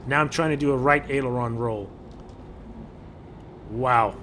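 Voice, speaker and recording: A man's voice: medium pitch, steady tone, fast, a bit bright, slight background noise. A man giving casual, chatty commentary over gameplay, often repeating words as he thinks aloud. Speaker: gaming video creator.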